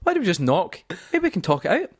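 A man's voice: high-pitched, wildly swooping pitch, fast, voice pushed up, full character voice. A man doing a cheeky grumbling sidekick. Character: cheeky male freelancer sidekick.

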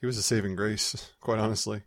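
A man's voice: lowish voice, fairly even intonation, fairly quick, no room sound. Male co-host, easygoing rambling chat, dry and close. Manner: rambling, with frequent restarts and laughs. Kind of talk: casual chat recounting a convention trip.

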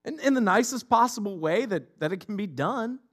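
A man's voice: high-pitched, animated, moderate pace, a bit bright, husky. A middle-aged man preaching a sermon as a pastor, emphatic and repetitive in his delivery.

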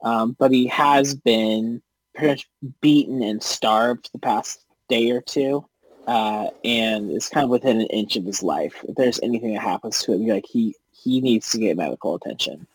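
A man narrating as game master in a casual, halting way with many fillers. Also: medium pitch, no echo.

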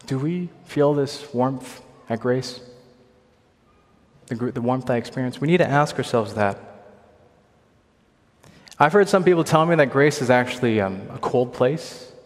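A man's voice: on the high side, moderate pace, pauses often. Earnest young man preaching in a reverberant hall. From Hong Kong. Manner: earnest, rhetorical questions, swings between loud emphasis and quiet intensity. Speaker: pastor. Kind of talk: sermon.

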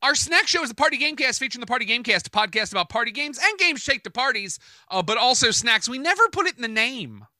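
A man's voice: extremely high pitch, very animated, fast, sharp tone, no echo. A man hosting a casual podcast chat, upbeat and joking, with lots of fillers and restarts. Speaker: podcast host. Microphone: remote call.

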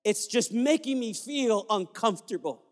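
A man's voice: high-pitched, expressive, normal speed. A preacher retelling the words of a big, emotional man during a sermon, his voice set in a reverberant hall. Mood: tearful.

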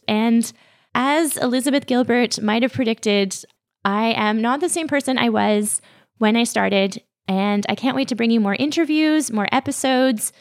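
A woman hosting her own podcast, talking warmly and heartfelt as she thanks her listeners, a little teary. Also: a little high. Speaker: podcast host. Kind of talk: casual solo podcast talk.

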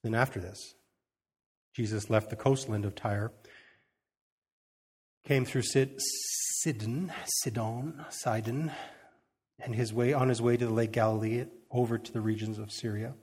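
A man's voice: on the low side, fairly even intonation, normal speed, pauses often, a little mellow, slightly rough. A man giving an informal sermon, reading scripture and retelling it in a conversational way, acting out the quotes and chuckling as he goes. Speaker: preacher.

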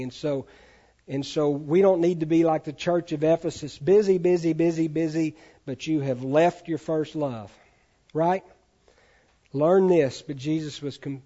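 A man's voice: fairly high pitch, measured pace, dark tone, dull audio. A man preaching a sermon in a conversational way, often asking the congregation questions. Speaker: pastor.

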